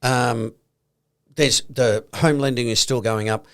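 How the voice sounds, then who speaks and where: A man's voice: mid-range voice, fairly even intonation, takes it slowly, a bit bright. Australian man explaining finance casually. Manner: explains points through acted-out hypothetical conversations. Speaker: podcast co-host. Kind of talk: casual chat.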